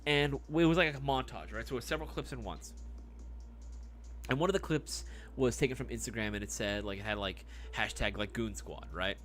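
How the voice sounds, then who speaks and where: A young man hosting a live stream, chatting casually and reacting loudly to chat messages. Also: mid-range voice, brisk. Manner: laid-back, chummy, calls people dog and brother.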